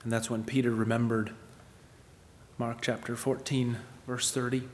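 A man preaching a sermon, asking rhetorical questions and moving between emphatic lines and hushed ones. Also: mid-range voice, little pitch movement, a little slow, long reverb tail, a little hiss or hum. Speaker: pastor.

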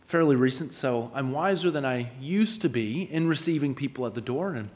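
A man preaching a sermon in an earnest, explanatory way, with lively storytelling asides. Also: mid-range voice, normal speed. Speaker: pastor. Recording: long hall reverb.

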